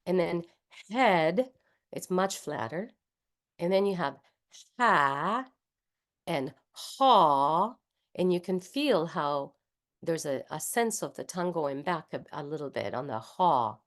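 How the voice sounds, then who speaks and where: A Spanish-accented woman with a slightly low voice hosts an online voice workshop over video call. Speaking at a moderate pace, she patiently walks through each point and pronounces the consonants and vowels out loud.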